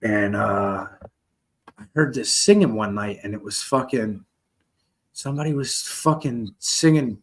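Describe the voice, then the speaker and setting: A man's voice: lowish voice, a little slow. A man hosting a podcast, telling rambling, profane stories in casual chat. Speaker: podcast host. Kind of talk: casual storytelling.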